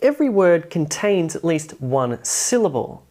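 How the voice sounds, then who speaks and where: A woman teaching English pronunciation in a video lesson, explaining clearly and stressing example words to show how they sound. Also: deep voice, big pitch swings, unhurried, warm tone.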